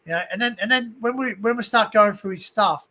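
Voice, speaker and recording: A man's voice: high voice, a little fast, sharp tone. An Australian man hosting a livestream, telling a personal story candidly and emotionally, swearing freely. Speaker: livestream host. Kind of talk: casual chat.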